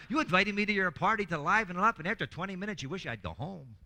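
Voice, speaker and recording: A man leading a workshop, with a very bright, forceful voice that climbs high and swings widely in pitch. He teaches with humor and energy, acting out the people he quotes, and doubles back on his words as he goes. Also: fast, few pauses. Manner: lively, acts out quoted voices, often restarts words. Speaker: workshop presenter. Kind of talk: animated teaching talk with humor.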